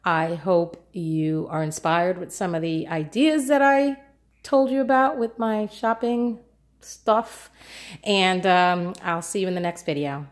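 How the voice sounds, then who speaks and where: New york woman vlogging her grocery haul, kinda low voice, chatty and rambly with lots of ums. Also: measured pace. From New York City. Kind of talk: casual grocery haul chat.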